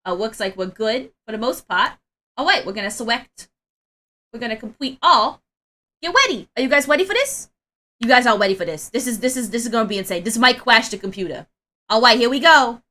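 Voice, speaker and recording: An excitable woman streamer chatting casually to her viewers. She rambles through restarts and breaks into laughter and shrieks. Her voice is high, bright and a little tense. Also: brisk. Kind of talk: casual live-stream chat.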